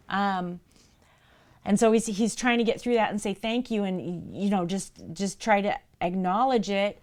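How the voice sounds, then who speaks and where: A woman streams live and chats casually with her audience. She tells her story with animation and keeps addressing the viewers directly, at an ordinary middle pitch. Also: fairly even intonation, measured pace. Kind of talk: casual chat.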